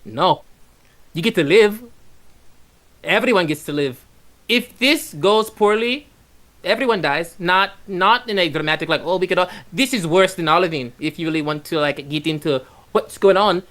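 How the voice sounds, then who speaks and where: A man's voice: high voice, normal speed, fairly bright tone. A man voicing a weary old woman with a world-saving mission, who talks in a dry, matter-of-fact, resigned way. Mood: grim.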